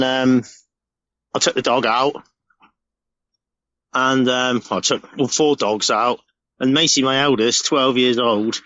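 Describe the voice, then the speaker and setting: A man's voice: medium pitch, a bit bright, no room sound, lo-fi sound. A middle-aged man from the UK telling a rambling, emotional story in a casual recorded message, swearing freely. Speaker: podcast segment contributor.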